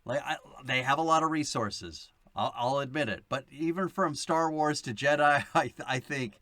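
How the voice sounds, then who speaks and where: Easygoing man with a bright voice. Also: medium pitch, moderate pace, no room sound. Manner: easygoing, laughs along, agreeable. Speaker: podcast co-host. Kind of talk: casual chat.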